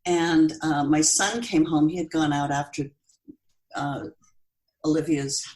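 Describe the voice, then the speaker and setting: A woman in her sixties, a podcast guest telling a personal story in an earnest, halting way with pauses and restarts. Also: deep voice, steady tone, darkish tone, low-quality recording. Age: 60s. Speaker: podcast guest, bereaved mother.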